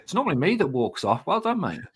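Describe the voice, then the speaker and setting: A man's voice: fairly high pitch, wildly swooping pitch, fast, a bit bright, slightly rough. A man co-hosting a podcast who chats casually and uses dry, sarcastic humor. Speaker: podcast co-host.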